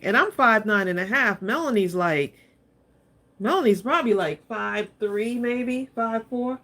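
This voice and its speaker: A woman's voice: fairly high pitch, expressive, unhurried, fairly bright tone. A woman hosting a live crafting stream, chatting with viewers and laughing often as she demonstrates supplies. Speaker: craft channel host.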